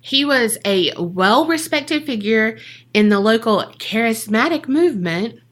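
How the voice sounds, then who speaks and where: Her voice sits fairly high and she's unhurried, a podcast co-host spinning a casual yarn. She gets animated, swears freely, and slips into slang to impersonate the people she quotes.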